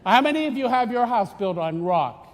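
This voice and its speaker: A man's voice: very high voice, animated, moderate pace. A man giving a chatty, teasing homily as a priest, rambling with many restarts, recorded in a church. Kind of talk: conversational homily. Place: church in Florida. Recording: long church reverb.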